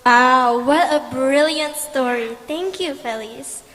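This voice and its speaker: A woman's voice: high voice, slow pace, a bit bright. A woman acting as emcee of a competition, formally and courteously announcing contestants from the stage. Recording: echoey hall with faint ambient noise.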